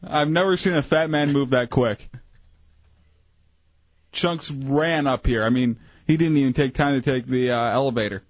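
A man's voice: mid-range voice, normal speed, long pauses, no echo, muffled recording. A man co-hosting a radio show, making dry, mocking jokes. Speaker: radio co-host. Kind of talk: casual radio banter.

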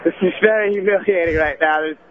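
Drunk, giggly man calling in on the phone, bright high pitch, dull sound. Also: quick pace, a crowd in the background. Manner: laughing, sheepish. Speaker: radio show stunt participant on the phone. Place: crowded outdoor street festival. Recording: muffled phone call.

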